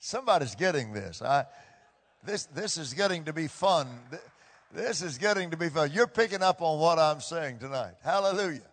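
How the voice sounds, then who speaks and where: A man preaching a sermon with impassioned delivery, swinging from hushed tones to loud bursts and repeating phrases for emphasis. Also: a little high, animated, normal speed. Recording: long hall reverb.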